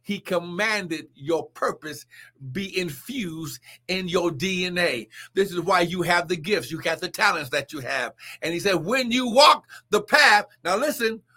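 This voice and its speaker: A man preaching a live-streamed sermon and healing prayer, fervent, with shouted exclamations and bursts of speaking in tongues. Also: high voice, measured pace.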